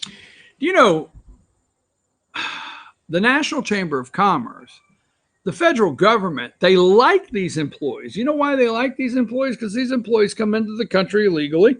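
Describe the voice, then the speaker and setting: High, bright-voiced ranting male host. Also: very animated, moderate pace, pauses often. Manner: ranting, sarcastic, rambling asides. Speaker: talk show host. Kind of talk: opinionated live talk show.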